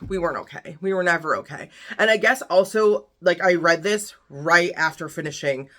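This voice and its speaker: A woman chatting through a book review vlog in a loose, rambling way, full of fillers and asides. Her voice is bright and forward, and she keeps it lively and expressive. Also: lowish voice, normal speed, few pauses. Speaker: book vlogger. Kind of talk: casual book review chat.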